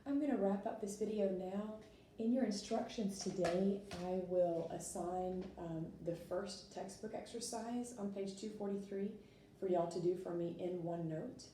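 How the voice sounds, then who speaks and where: A woman walks students through a lesson, patient and full of little fillers. Her voice is dark and mellow. She sits back from the mic in a very echoey room with a faint hiss underneath. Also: medium pitch, normal speed, far from the mic. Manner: patient, explains step by step with fillers. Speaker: French teacher. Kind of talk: recorded classroom lesson.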